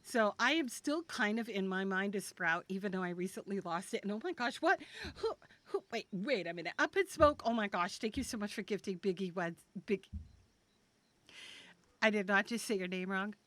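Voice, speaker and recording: A woman in her thirties chatting on a live stream, bubbly and excitable, laughing a lot. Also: mid-range voice, moderate pace, dry recording. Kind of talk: casual live-stream chat.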